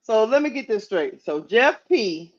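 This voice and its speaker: A woman's voice: fairly high pitch, very animated, a little slow, lo-fi sound. A woman co-hosting a casual live sports stream, joking and mimicking others. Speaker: sports talk show co-host.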